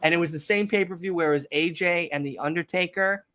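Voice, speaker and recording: A man around thirty with a bright, forceful voice, set a little high for a man, talks through a casual podcast chat. He tells his stories animatedly, acts out the quotes and swears freely. The sound is close and dry. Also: fast talker, no echo. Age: 30s. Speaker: podcast co-host.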